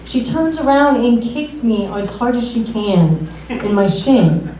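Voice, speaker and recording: Young woman comedian, hesitant halting delivery, very roomy club, mic far off. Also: fairly high pitch, expressive, warm tone, slight background noise. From Massachusetts. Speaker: stand-up comedian. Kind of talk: stand-up comedy set.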